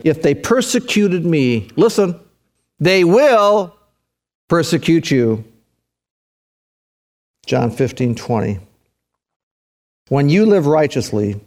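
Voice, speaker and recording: A man's voice: a little high, darkish tone. A middle-aged man preaching a sermon with emphatic delivery, repeating key phrases for weight. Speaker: pastor.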